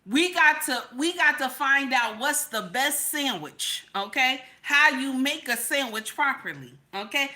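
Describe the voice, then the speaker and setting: Bright, slow-talking woman. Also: fairly high pitch. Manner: animated, exclamatory, repeats "okay?". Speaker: livestream host. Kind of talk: casual reaction commentary.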